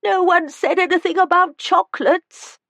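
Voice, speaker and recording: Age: 80s. Figure: woman doing a frail, forgetful old lady with a high, cackling voice. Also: normal speed, creaky, fairly bright tone, no echo, exaggerated voice. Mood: vague, wry. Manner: vague, wandering, cackles.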